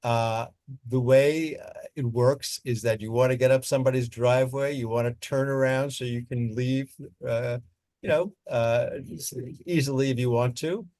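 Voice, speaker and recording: Halting male moderator, plain mid voice, dry mic. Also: medium pitch, steady tone, a little mellow, no room sound. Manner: halting, many fillers. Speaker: panel moderator. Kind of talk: casual online panel talk.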